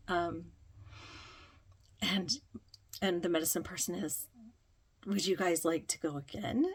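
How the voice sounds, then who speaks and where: A woman telling a reflective personal story, slow and dreamy, with many ums. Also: lowish voice. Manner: slow, dreamy, breathy with frequent ums and laughter. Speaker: spiritual vlogger.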